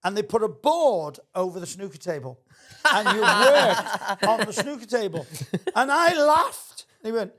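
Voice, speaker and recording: High-voiced older man telling anecdotes. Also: very animated, measured pace, fairly bright tone. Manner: anecdotal, acts out quoted voices, laughs while telling. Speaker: guest, former radio phone-in host. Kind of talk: casual podcast storytelling.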